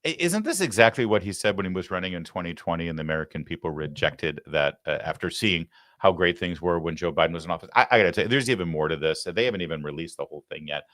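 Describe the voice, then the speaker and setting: A man's voice: low-pitched, animated, quick pace, a bit bright, dry recording. A man hosting a live political talk show, delivering heated, sarcastic commentary into a studio microphone.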